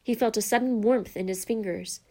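A woman narrating a storybook in a calm, even reading voice. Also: fairly high pitch, normal speed.

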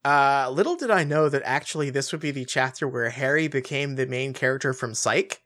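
A woman's voice: a bass voice, a little fast, a bit bright. A woman podcast co-host chatting casually and making wry jokes. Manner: wry, joking commentary. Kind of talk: casual chat.

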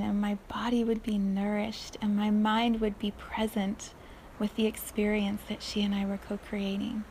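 Woman podcast host, unhurried, hushed and breathy, spiritual talk, faint background hum. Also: mid-range voice, steady tone. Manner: slow, soft, often breathy and near-whispered, with frequent laughs.

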